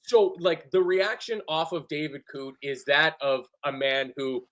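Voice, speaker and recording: A man co-hosting a football fan show in casual chat, animated and sweary, often acting out other people's lines. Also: a little high, measured pace. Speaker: football podcast co-host.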